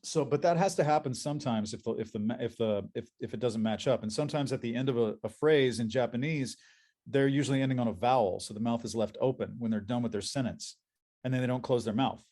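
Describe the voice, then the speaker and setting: A man who works as a voice actor, guesting on a convention panel and telling animated anecdotes, repeating words as he restarts. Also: medium pitch, quick pace.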